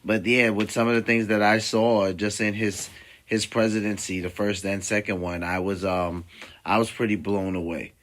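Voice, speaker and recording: A man hosts a casual livestream, reacting to clips in a loose, rambling way full of fillers and restarts. His voice sits on the low side. He talks like he is chatting with friends. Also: little pitch movement, moderate pace, fairly bright tone. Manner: conversational, rambling, uses many fillers. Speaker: livestream host. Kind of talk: casual reaction stream commentary.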